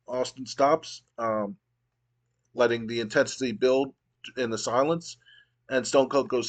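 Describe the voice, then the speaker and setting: A man hosting a casual let's play, narrating the action in a relaxed play-by-play way with occasional fillers. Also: mid-range voice, a little slow.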